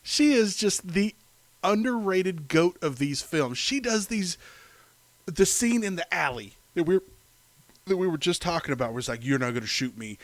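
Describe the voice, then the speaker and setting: A man co-hosting a podcast in casual chat who rambles with enthusiasm and fills his pauses with many fillers. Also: on the high side, lively intonation, fairly bright tone, no room sound. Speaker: podcast co-host.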